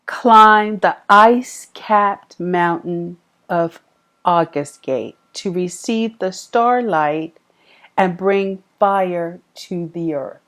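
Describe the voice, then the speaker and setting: A woman giving a heartfelt spiritual tarot reading, talking about love and sacred places. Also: medium pitch. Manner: slow, heartfelt and emotional. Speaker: tarot reader.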